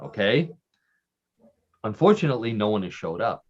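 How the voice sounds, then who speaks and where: Man, low voice, lively intonation, casual radio chat, muffled lo-fi recording. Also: normal speed, breathy edge. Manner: chatty storyteller, lots of fillers and restarts, laughs at own jokes. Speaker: regular radio show guest. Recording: dull lo-fi radio sound.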